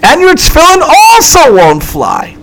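A man voicing an angry, bossy airline pilot who shouts orders, pitched far above his own voice. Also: wildly swooping pitch, measured pace, full character voice. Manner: shouting, commanding.

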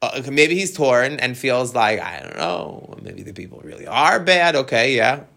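A man teaching a text study class, animated and tossing rhetorical questions to his students. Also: mid-range voice, normal speed, gravelly.

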